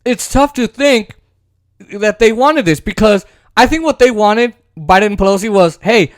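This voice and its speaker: A man with a rather high voice hosts a casual political commentary. He rambles, restarts and turns sarcastic, and the recording is dry and close. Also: normal speed, dry recording.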